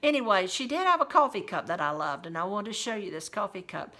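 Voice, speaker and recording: A woman's voice: medium pitch, big pitch swings, quick pace, bright, forceful tone. A woman who works as a home caregiver, telling chatty, folksy, faith-filled stories and speaking straight to her listeners. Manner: chatty, folksy, quotes scripture. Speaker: home caregiver sharing memories. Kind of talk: casual faith-based storytelling.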